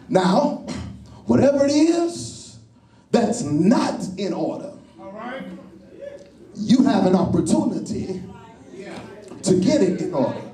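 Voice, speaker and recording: A man preaching a sermon with call-and-response, shouting and then dropping low. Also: sing-song, slow pace, long pauses. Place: church. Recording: echoey church from far off.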